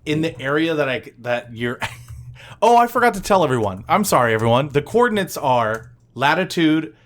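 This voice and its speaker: A man's voice: fairly high pitch, very animated, moderate pace, fairly bright tone. Light-voiced male podcast host, hesitant and giggly, makes up the scenario as he goes. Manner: hesitant, many fillers and restarts, laughs often. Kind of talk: casual improvised game-master chat.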